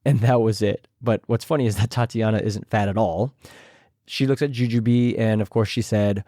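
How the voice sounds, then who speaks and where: A man's voice: steady tone, normal speed, warm tone, dry recording. Chatty man recapping a show, dry sound. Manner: chatty, mimics others in a higher voice. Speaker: podcast host recapping a show. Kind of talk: casual recap with imitated quotes.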